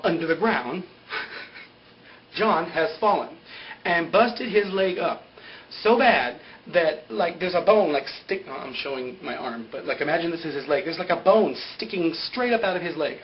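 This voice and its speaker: A young man with a slightly high voice rattles through a TV episode recap, loose and chatty, packing in "like" and "you know" and laughing at his own jokes. The sound is dull and lo-fi, like a home video setup. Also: expressive, normal speed, slight background noise. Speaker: TV recap vlogger. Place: indoor greenscreen video setup.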